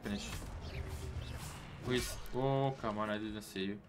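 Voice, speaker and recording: A man giving excitable live gameplay commentary in broken English, taunting the enemies he fights. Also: fairly low pitch, a little slow. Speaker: gameplay streamer. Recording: game music playing underneath. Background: game music.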